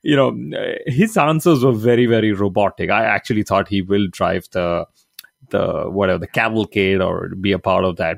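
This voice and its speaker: A man co-hosting a motorsport podcast in a casual, chatty way, full of quick asides and jokes at his own expense. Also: lowish voice, vocal fry, dry recording, studio quality. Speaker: podcast co-host. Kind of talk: casual chat.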